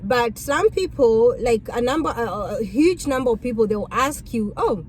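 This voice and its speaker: A woman's voice: expressive, moderate pace, few pauses, darkish tone, a little hiss or hum, poor audio. A woman in her thirties from Kenya with a Kenyan accent, chatting casually to camera about her work as a rideshare driver. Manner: chatty, acts out passengers' questions in a higher voice.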